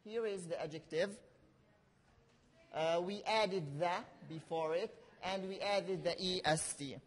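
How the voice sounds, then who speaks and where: A male teacher giving a classroom grammar lesson, speaking slowly and repeating key words for his learners. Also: high voice. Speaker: English teacher. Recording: reverberant classroom hall.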